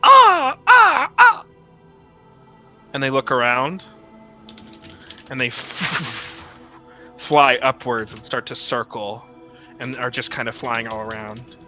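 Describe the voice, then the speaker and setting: Halting, bright-voiced male game master. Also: mid-range voice, fairly even intonation, faint music behind, poor audio. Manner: halting narration with many fillers. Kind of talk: narrating a tabletop game.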